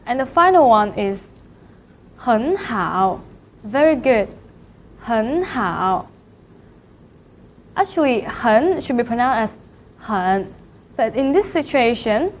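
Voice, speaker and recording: A woman giving a careful classroom lecture, acting out each tone with an exaggerated rise or fall. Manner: careful, demonstrates tones by exaggerating pitch. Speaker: Chinese language teacher. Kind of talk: slow, clear classroom lecture. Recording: slightly dull lo-fi audio with faint noise.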